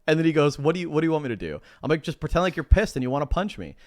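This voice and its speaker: A man's voice: on the high side, big pitch swings, very fast, no echo, studio quality. A man co-hosting a casual podcast, telling stories animatedly, acting out both sides of conversations and swearing freely. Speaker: podcast co-host.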